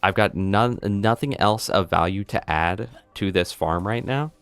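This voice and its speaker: A man streaming a game live, telling rambling pun jokes to his chat and bursting into excited reactions. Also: unhurried, clear, resonant tone, dry recording, soft background music. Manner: animated, jumps into high excited outbursts. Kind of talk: live gameplay commentary.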